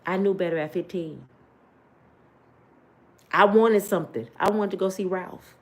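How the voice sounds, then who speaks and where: A middle-aged woman who tells a personal story casually, in a blunt, animated and slangy way, speaking straight to her viewers. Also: medium pitch, a little slow. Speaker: host telling a personal story.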